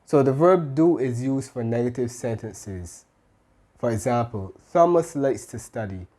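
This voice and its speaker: A man's voice: medium pitch, expressive, a little slow, mellow. A man teaching an English grammar lesson, explaining step by step and often checking in with "right?".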